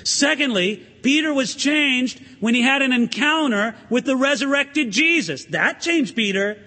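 A pastor preaching an animated sermon in a church, asking the congregation questions and swinging his emphasis up and down. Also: very high-pitched, a little slow, big-room sound.

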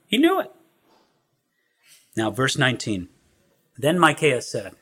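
A man preaching a sermon who tells the story in an animated way and acts out the scenes. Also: medium pitch, slow pace, pauses often, slightly rough. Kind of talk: expository sermon.

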